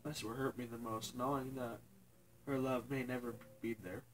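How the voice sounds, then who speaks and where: A young man telling a painful personal story to his viewers, halting and tearful, pausing and restarting as he cries. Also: mid-range voice, steady tone, a little hiss or hum, poor audio. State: crying. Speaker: vlogger. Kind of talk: emotional personal story to camera.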